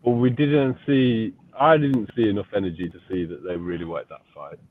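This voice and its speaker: A man calling into a live chat, making a measured, deliberate argument. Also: fairly low pitch, steady tone. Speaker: guest caller. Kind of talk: casual debate. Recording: tinny phone-like line.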